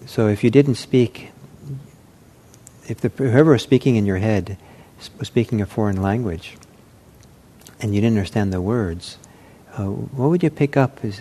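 Soft-spoken man giving a meditation talk. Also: on the low side, slightly rough. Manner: gentle, reflective, many pauses and restarts. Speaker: meditation teacher. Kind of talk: unscripted dharma talk.

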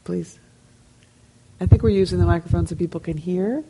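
A woman with a New Jersey accent, a meditation teacher telling stories and answering questions in a relaxed, conversational way. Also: lowish voice, normal speed, slightly rough, poor audio. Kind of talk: dharma talk question and answer.

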